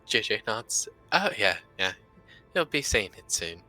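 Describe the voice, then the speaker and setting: A man playing in a live-streamed tabletop role-play, jokey and quick to laugh. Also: fairly low pitch, big pitch swings, sharp tone, soft background music. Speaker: player.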